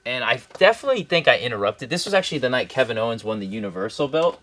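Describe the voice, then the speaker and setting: A young man, a professional wrestler, telling a story in a casual interview and acting out the scenes as he goes. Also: mid-range voice. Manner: lively storyteller who acts out scenes, with fillers and quick restarts.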